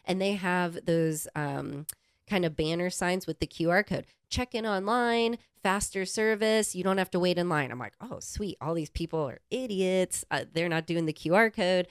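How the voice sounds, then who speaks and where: A young adult woman co-hosting a podcast, telling a travel story in animated, casual chat and swearing freely. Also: lowish voice, normal speed, smooth, no room sound, clean studio sound. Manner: animated storyteller who swears and acts out quotes. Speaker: podcast co-host.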